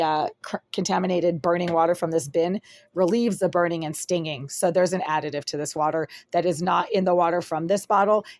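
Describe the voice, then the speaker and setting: A woman's voice: on the low side, no echo. A woman filming a vlog in her small apartment on a phone, talking in an insistent, repetitive way and piling up descriptions as she goes. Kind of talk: agitated first-person complaint vlog.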